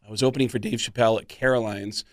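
A man's voice: on the low side, rapid-fire, no echo, clean studio sound. A man who is a guest comedian, telling stories on a radio show and acting out the people he quotes. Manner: animated storyteller who acts out quotes.

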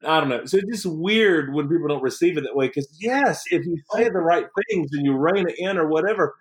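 A man's voice: a little high, expressive, brisk, low-quality recording. A man hosting a podcast, speaking in a reflective, affirming way. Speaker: podcast host. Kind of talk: casual conversation.

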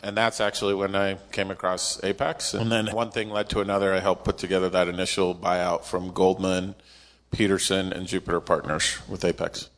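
Middle aged guy, lowish voice, chatty interview guest telling a story, pokes fun at himself. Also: moderate pace, in a large hall. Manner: self-deprecating, animated when recounting dialogue. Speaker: interview guest, company executive. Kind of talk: conversational storytelling.

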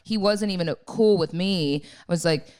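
Podcast co-host, woman, thirties, low-ish voice, rambling anecdotal delivery. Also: normal speed, a little mellow, clean tone. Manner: chatty storytelling, acts out quotes in a high voice. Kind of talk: casual chat.

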